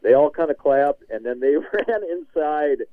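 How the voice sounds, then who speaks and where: A man's voice: a little high, lively intonation, measured pace, no echo. A man telling a long, rambling story as a guest on a casual podcast, laughing often and dropping "man" into his sentences. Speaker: guest contributor. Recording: tinny, dry phone line.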